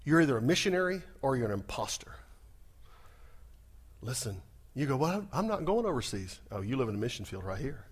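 A man preaching a sermon, animated and humorous, talking fast. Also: medium pitch, breathy edge. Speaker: pastor.

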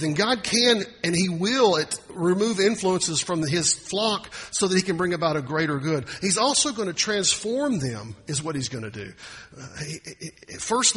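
A man's voice: on the high side, pushed and bright, husky, in a large hall. A man preaching a sermon as pastor, folksy and often asking the congregation questions.

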